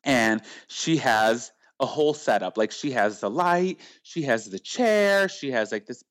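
A man's voice: mid-range voice, measured pace, dry recording, clean studio sound. A young man, a celebrity makeup artist, telling a story in a casual interview. He talks animatedly and acts out other people's lines. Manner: animated, acts out quoted dialogue, heavy use of filler.

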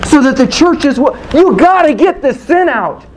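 A man preaching fervently, dropping his voice low to act out quoted speakers. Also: animated, normal speed, darkish tone, low-quality recording. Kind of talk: impassioned preaching.

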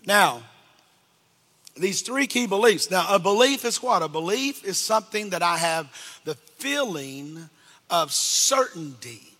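Male pastor, high voice, very bright and piercing, call-and-response preaching, long church reverb. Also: expressive, unhurried. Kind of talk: sermon. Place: church sanctuary.

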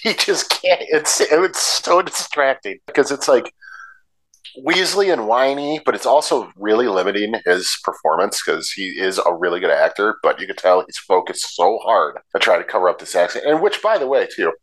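A man with a lowish voice co-hosting a film podcast, his pitch rising and falling a lot as he talks. He hedges with fillers and restarts, then lands dry, wry jabs at the movie. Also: expressive, moderate pace, fairly bright tone, rough recording. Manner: hesitant, filler-heavy, wry. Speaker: podcast co-host. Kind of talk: casual film review chat.

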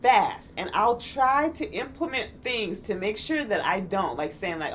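Female co-host, expressive storyteller with a lively voice, light hiss behind. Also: medium pitch, unhurried, hardly any pauses. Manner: animated, laughing, slangy storyteller. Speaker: podcast co-host. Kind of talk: casual couple chat.

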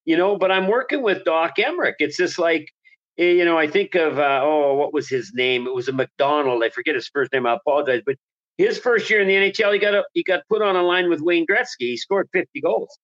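A man's voice: on the high side, expressive, fairly quick, fairly bright tone, muffled recording. A man who was a hockey color analyst, telling a long story as an interview guest, enthusiastic and rambling with restarts.

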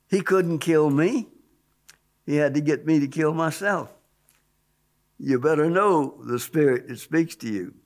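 A man giving a spoken religious testimony, emphatic, repeating key words and pushing his voice up on stressed points. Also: on the high side. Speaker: testimony speaker.

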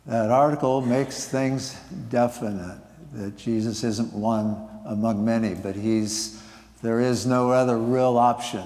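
A man's voice: medium pitch, steady tone, a little slow, a little mellow, big-room sound. A male pastor preaching a sermon, speaking emphatically and repeating his key phrases. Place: church sanctuary.

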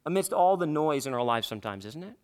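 A man's voice: medium pitch, expressive, fast, clear, resonant tone. A male pastor preaching a sermon in a church, earnest and repeating his questions for emphasis.

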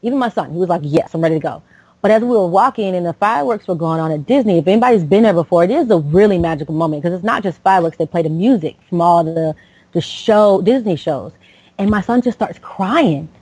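A woman's voice: on the low side, expressive, fast, darkish tone, breathy edge, dry recording, low-quality recording. A woman in her late thirties from Florida, a podcast host telling a personal story with lots of fillers and restarts. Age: late 30s. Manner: rambling, with many fillers and restarts.

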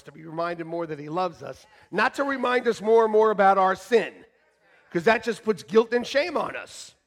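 In a church sanctuary, a male pastor with a high-sitting voice preaches a sermon to his congregation. He jokes with them and moves between quiet asides and shouted emphasis.

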